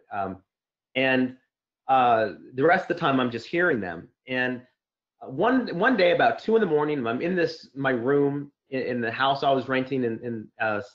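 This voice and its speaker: A man telling a long personal account as an interview guest, rambling with many fillers and restarts. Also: mid-range voice. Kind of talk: casual spoken account. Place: Santa Clara area. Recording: dull lo-fi audio.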